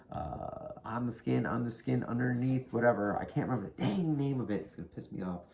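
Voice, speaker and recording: Low gravelly man rambling about horror films. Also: darkish tone, a little hiss or hum. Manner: rambling, profane, half-whispered close to the mic. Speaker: horror movie reviewer. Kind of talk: casual rambling recommendations. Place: indoors at home. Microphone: close to the mic.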